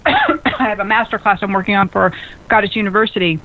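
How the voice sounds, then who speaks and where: A woman hosting a radio show, chatty and excitable, quick to laugh. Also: mid-range voice. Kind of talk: lively casual radio chat. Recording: phone-like narrow band radio sound.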